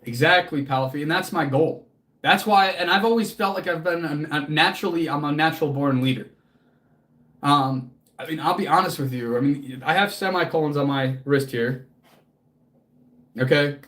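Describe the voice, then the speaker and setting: A man's voice: a little high, normal speed, fairly bright tone. Earnest, emotional man coaching his chat. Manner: earnest and motivational, swears casually; emotional, close to tears. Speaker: fitness coach and livestream host. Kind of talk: casual livestream talk answering chat.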